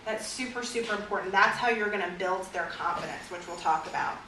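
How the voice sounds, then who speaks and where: A woman teaching a class on fearful dogs as a trainer, in a lively way, with vivid examples and questions to her audience. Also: medium pitch, a little fast, a little hiss or hum. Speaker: dog trainer. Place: store or training room with an audience. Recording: echoey room, recorded from a distance.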